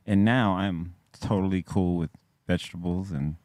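A man chatting on a podcast, jokey and quick to laugh and react. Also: low-pitched, fairly even intonation, darkish tone, dry recording. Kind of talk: casual chat.

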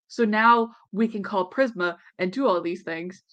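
A woman co-hosting a podcast in casual chat, telling stories in an animated, blunt way and swearing freely. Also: medium pitch, normal speed, highs cut off. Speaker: podcast co-host.

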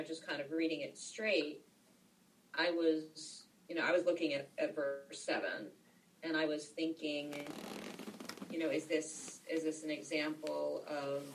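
A woman's voice: low voice, level tone, slow, distant mic, slight background noise, poor audio. A woman in a study group sharing her reading hesitantly, with many fillers and repeated words. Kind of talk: casual discussion.

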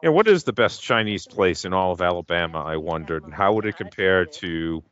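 Low-voiced man with wry laughing asides. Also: expressive, fairly quick, a bit bright, highs cut off. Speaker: podcast co-host. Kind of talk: casual movie commentary.

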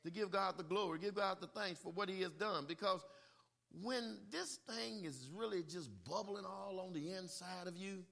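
A male preacher delivering a sermon, calling for "amen" and swinging from quiet talk into shouted bursts. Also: high voice, normal speed, creaky.

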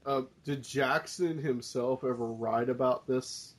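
A man hosts a podcast and asks casual, hesitant questions with lots of fillers. His voice is husky, at a middle pitch. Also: a little slow, low-quality recording. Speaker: podcast host.

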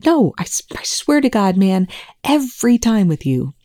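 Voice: expressive, normal speed, mellow, no room sound, studio quality. A reader doing a flustered, incredulous male scientist. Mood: exasperated. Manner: flustered, pitched up, disbelieving. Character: exasperated, incredulous male astrophysicist. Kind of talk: audiobook-style fan fiction reading.

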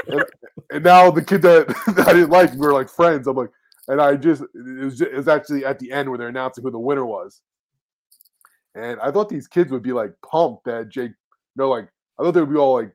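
A man, co-hosting a podcast and telling rambling, profane stories that act out the people he quotes. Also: medium pitch. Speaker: podcast host. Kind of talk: casual storytelling chat.

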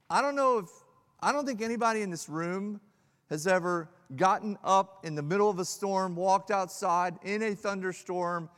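Preaching man in a reverberant hall. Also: smooth. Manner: dynamic preaching, swinging from loud emphatic peaks to hushed low lines. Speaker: pastor. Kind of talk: sermon. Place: church hall.

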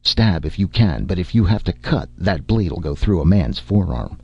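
Guy putting on a husky growly barbarian, curt and mocking, low gravelly voice. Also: animated, moderate pace, dark tone, no room sound, heavily acted. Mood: gruff, dry. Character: gruff blunt barbarian warrior man, scornful. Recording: dull lo-fi recording.

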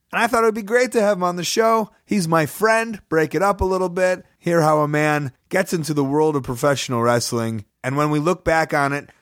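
A man's voice: a little high, no echo, studio quality. A man hosting his own podcast in a casual, rambling monologue, speaking from his apartment while sick with a cold. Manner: chatty, rambling, upbeat plugs. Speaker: podcast host. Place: studio apartment.

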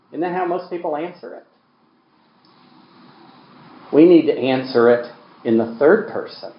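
A man's voice: a little high, lively intonation, normal speed, pauses often. Male pastor, sermon delivery, emphatic swings in volume, somewhat dull and roomy recording. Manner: emphatic, swings from quiet to loud.

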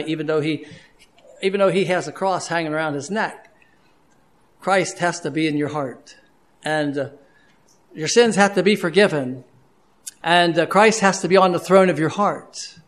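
A man's voice: a little high, normal speed. A man preaching a sermon in an earnest, conversational way, with frequent restarts and fillers.

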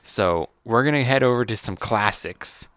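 A man's voice: medium pitch, moderate pace, no echo. Laid-back man hosting a casual chat. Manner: relaxed, filler-heavy. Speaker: host.

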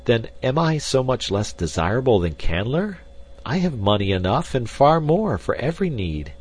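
A man reading the part of a devoted young nobleman, soft-spoken and pleading. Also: deep voice, animated, moderate pace, breathy edge.

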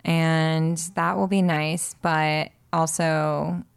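A woman co-hosting a podcast in casual chat, animated and venting with exasperation. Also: low-pitched, extremely slow, gravelly, smooth. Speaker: podcast co-host.

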